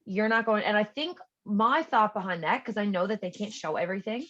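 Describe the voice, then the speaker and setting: Woman podcast co-host, lively and foul-mouthed, recorded on a dull lo-fi mic. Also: mid-range voice, a little fast. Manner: animated, swears freely, acts out quotes. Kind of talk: casual chat recapping a reality show.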